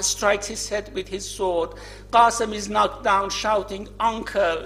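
A man's voice: high voice, a bit bright, low-quality recording. A man narrating a dramatic religious story in a tearful, emotional way, his voice at times breaking.

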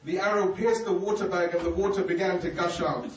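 A man's voice: high-pitched, steady tone, a little fast, lo-fi sound, slight background noise. A man preaching a mourning sermon, telling a story with emotion and grief. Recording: echoey hall, distant mic, faint ambience.

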